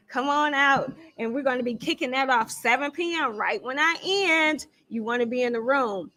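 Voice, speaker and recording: A woman's voice: high-pitched, lively intonation, moderate pace, few pauses, pushed and bright. A woman hosting a live show, chatty and self-teasing, reading out deals and events and thinking aloud as she goes. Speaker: show host. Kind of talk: casual live-stream announcements. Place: lounge studio.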